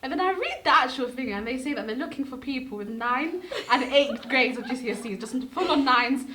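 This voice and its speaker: Teenage girl, animated storytelling, slightly high voice, faint background noise. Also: brisk. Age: late teens. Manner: animated storyteller, acts out quotes. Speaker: student guest. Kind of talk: casual chat.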